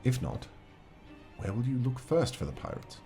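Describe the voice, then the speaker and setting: A game master plays through a solo tabletop adventure book, reading its text aloud and chatting casually with his viewers. His medium-pitched voice is very animated, gravelly, and mellow at a normal speed, with faint music playing behind him.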